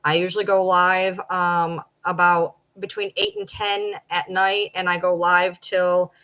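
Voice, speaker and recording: A woman's voice: lowish voice, steady tone, measured pace, fairly bright tone, low-quality recording. A woman of about forty with a Michigan accent, chatting bluntly and with plenty of swearing to viewers on a late-night livestream. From Michigan, Detroit downriver area. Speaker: social media personality.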